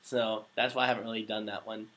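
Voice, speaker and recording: A man's voice: fairly low pitch, level tone, fast talker, a bit bright. A young man, a voice actor, chatting casually on a live stream, reading out viewer questions and laughing often. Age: young adult. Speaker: voice actor answering live chat.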